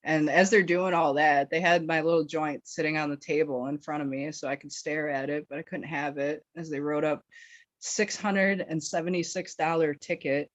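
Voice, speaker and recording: In a dull, dry lo-fi recording, a low-voiced woman from Wisconsin rambles through a story on a podcast at a moderate pace with fairly even intonation. She curses, laughs a lot, and fills gaps with filler words.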